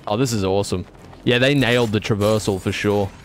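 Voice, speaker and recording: A young man streaming a video game live, commenting in an excitable, jokey and self-mocking way. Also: on the low side, brisk, faint music behind.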